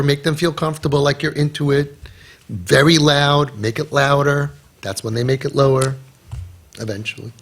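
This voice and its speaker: Husky-voiced animated male parenting coach. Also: a little high. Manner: acts out parents and teens in quick voices, emphatic, rapid. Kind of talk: animated motivational talk with storytelling.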